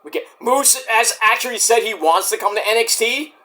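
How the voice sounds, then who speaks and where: A man casually reviewing a wrestling show on his own, animated and excitable, breaking into high-pitched outbursts. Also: moderate pace. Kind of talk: casual solo review vlog.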